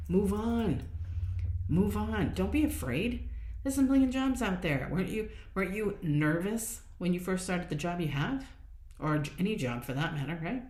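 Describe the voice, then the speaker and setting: In an echoey room, a podcast host speaks in a lowish, slightly mellow voice. Her solo motivational talk is casual and encouraging, and she acts out little inner voices along the way.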